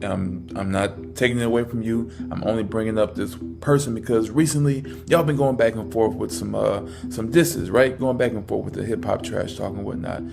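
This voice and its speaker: A man's voice: moderate pace, vocal fry, few pauses, music in the background. A man conducting a joking mock interview, playful and incredulous with his guests. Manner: playful, incredulous, high-pitched when exasperated. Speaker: comedy interviewer.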